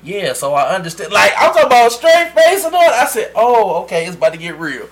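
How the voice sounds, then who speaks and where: A man telling a story in casual chat, animated and laughing often as he acts out quotes. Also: high voice, brisk, a crowd in the background, rough recording. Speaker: podcast co-host telling a story.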